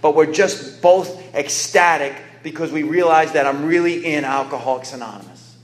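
A man stands before a recovery group and tells his own story in an earnest, conversational way. His voice sits a bit high for a man, and the room around him rings with echo. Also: moderate pace. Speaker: recovery meeting speaker. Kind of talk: personal testimony talk.

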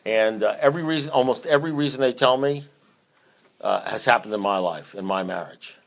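His voice is gravelly, medium in pitch, and brisk as this middle-aged counselor of divorcing couples and recovery sponsor speaks without a script. Blunt and streetwise, he wanders, repeats himself, starts sentences over, and occasionally grows animated.

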